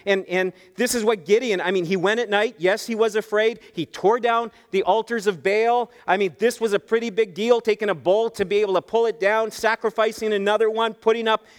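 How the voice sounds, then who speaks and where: A man preaching a sermon as pastor, telling the story in a lively way and acting out the voices of the people in it. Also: sits high, brisk, hardly any pauses, long reverb tail.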